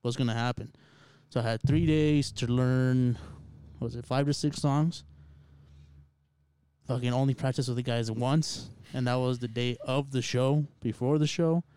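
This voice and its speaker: A man hosting a casual chat, relaxed and swearing often. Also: mid-range voice, normal speed, clear, resonant tone, no room sound. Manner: laid-back, swears constantly.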